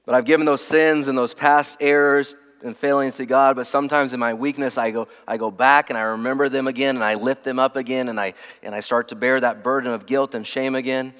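A male pastor preaching a sermon in a church, earnest and emphatic, softening to a hushed tone in prayer. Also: mid-range voice, fairly even intonation, brisk, hardly any pauses, clear, resonant tone, long reverb tail.

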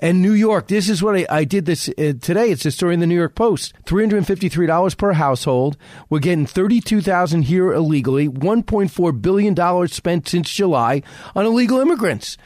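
Brief: high-pitched male radio pundit, rapid and emphatic, dry close sound. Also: lively intonation, darkish tone, no echo. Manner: rapid, emphatic, frequent restarts. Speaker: radio host as guest. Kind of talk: political talk radio conversation.

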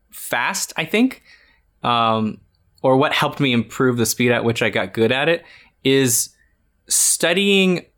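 A man in his thirties talks through drawing advice in an easy, rambling way, often restarting his sentences. His voice sits at a middling pitch. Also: fairly bright tone. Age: 30s. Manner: rambling, frequent restarts and fillers. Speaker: art podcast co-host. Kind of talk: casual chat giving drawing advice.

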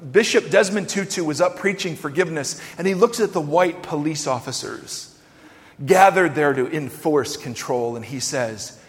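A man preaching a sermon as pastor, emphatic and animated, firing rhetorical questions at the congregation. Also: a little high, moderate pace. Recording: long hall reverb.

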